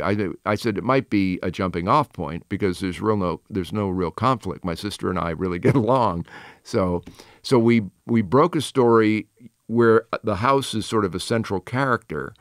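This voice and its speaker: Smooth, low-voiced man telling stories. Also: dry recording. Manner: chatty anecdotes with restarts and quick asides. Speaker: guest, television host. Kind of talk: casual storytelling interview.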